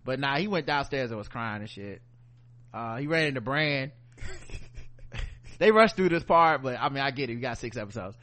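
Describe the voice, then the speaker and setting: A man casually recapping a TV episode, animated and profane, acting out the scenes as he goes. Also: medium pitch, normal speed, pauses often. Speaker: podcast host.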